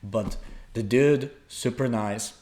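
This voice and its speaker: A young man from Poland chats casually on a podcast, rambling through a travel story. His voice sits at an ordinary middle pitch for a man, and he talks with plenty of fillers and restarts. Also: slow pace, darkish tone, slight background noise. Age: young adult. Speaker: podcast co-host. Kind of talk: casual chat.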